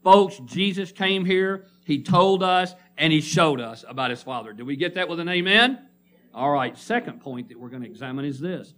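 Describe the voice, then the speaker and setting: A man's voice: a little high, lively intonation, normal speed, a bit bright. A man preaching a sermon to a congregation, reading scripture and calling for responses. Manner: emphatic call-and-response preaching. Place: church congregation.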